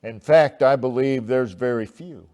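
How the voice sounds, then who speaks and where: A man preaching a sermon, slow and deliberate, with long pauses and swelling emphasis. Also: mid-range voice, warm tone. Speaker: pastor.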